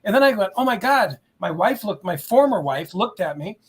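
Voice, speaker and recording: A man's voice: sits high, sing-song, fairly quick, breathy edge. A man telling an emotional personal story on a talk show, earnestly acting out what he said back then. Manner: earnest, emotional retelling with acted-out quotes.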